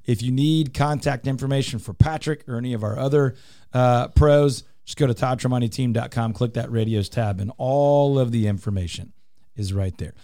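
A man's voice: mid-range voice, normal speed, dark tone, no room sound. A man hosting a radio show in a studio, talking in an upbeat, teasing, salesy way. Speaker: radio show host and real estate team leader. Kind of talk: casual radio talk.

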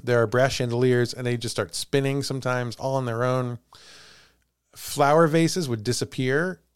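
A man's voice: medium pitch, steady tone, moderate pace, clean tone, no room sound, studio quality. A man hosting a podcast, telling a ghost story in casual chat and laughing often. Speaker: podcast host.

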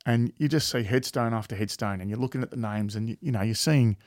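A man's voice: medium pitch, quick pace, darkish tone, no room sound, studio quality. A man with an Australian accent, co-hosting a podcast in casual chat, rambling with many fillers and frequent swearing. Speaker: podcast co-host.

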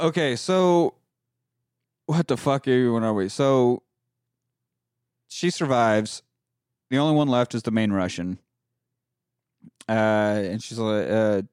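A man recapping a film's plot in casual chat, animated and crude. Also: mid-range voice, measured pace, long pauses, smooth, no echo, clean studio sound. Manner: animated storytelling with crude humor. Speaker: podcast host recapping a film.

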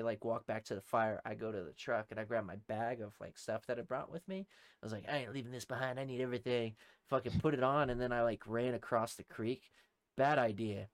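A young man spins a rambling war-buddy story, full of swearing and chuckles, in a voice of ordinary middle pitch. The sound is dry and close, with no room around it. He talks loosely, piling on fillers as he goes. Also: dry recording. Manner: profane, rambling, laughs through his story. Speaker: podcast co-host, former Army private. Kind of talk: casual storytelling.

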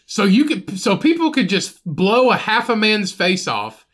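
A man's voice: sits high, sing-song, a little slow, fairly bright tone. A man hosting a podcast, telling a profane, rambling story and acting out the other people in it. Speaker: podcast host. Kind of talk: casual storytelling chat.

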